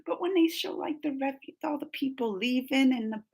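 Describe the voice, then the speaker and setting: A woman's voice: sits high, a little fast, a little mellow, low-quality recording. A woman hosting a live stream, chatting casually and emotionally while reading viewer comments, laughing often.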